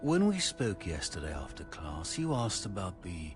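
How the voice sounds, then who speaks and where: An actor playing an older male wizard professor who speaks gently and formally, in video game dialogue. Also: low-pitched, very animated, normal speed, over music. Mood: gentle.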